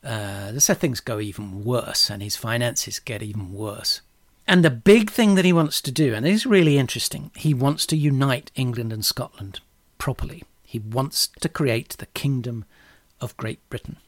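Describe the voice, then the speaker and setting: A man explaining history as a relaxed, lively story, with his pitch jumping up for emphasis. His voice sits at an ordinary middle pitch. The recording is close and dry, with no room sound. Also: moderate pace, no echo. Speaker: guest historian.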